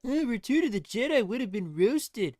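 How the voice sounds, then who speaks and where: A man voicing a whiny, thin-skinned writer in a high, mocking whine. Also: sing-song, moderate pace, a little mellow, dry recording, clean studio sound.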